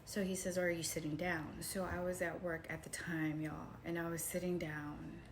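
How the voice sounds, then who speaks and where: A woman telling a personal story to her viewers in a casual, animated way, calling them y'all and swinging from hushed retellings to excited outbursts. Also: fairly low pitch, moderate pace, noisy background. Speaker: vlogger.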